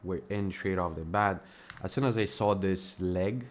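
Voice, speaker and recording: A man live-streaming his trading at a computer, talking casually to viewers, swearing freely and calling them man and bro, often dropping to a quiet mumble as he focuses. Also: a little slow, a little hiss or hum. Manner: mumbles low and quiet while focused on the chart.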